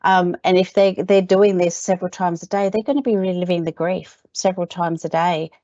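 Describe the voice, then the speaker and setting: A woman presenter with a fairly low voice explains care advice firmly and plainly. She speaks over a video call that sounds dry and close. The audio is muffled. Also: fairly even intonation, brisk, warm tone, no echo. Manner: emphatic and explanatory, often opening with "look". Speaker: webinar presenter. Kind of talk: webinar discussion.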